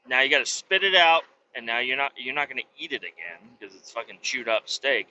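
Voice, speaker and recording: A man's voice: medium pitch, lively intonation, fairly quick, few pauses, sharp tone, highs cut off, slight background noise. A man hosting a podcast, ranting about politics in a rambling, profanity-heavy way. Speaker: podcast host.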